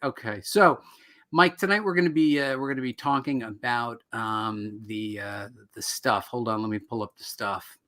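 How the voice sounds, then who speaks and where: A man's voice: medium pitch, moderate pace, pushed and bright. Chatty, rambling male co-host. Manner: jokey, rambling, lots of fillers. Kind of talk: casual live-stream chat.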